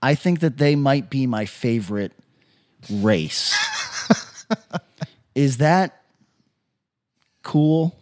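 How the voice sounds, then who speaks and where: A man's voice: medium pitch, animated, drawn-out words, pauses often, darkish tone. A man co-hosting a podcast, talking in brash, profane, joking banter. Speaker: podcast co-host. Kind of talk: casual crude podcast banter.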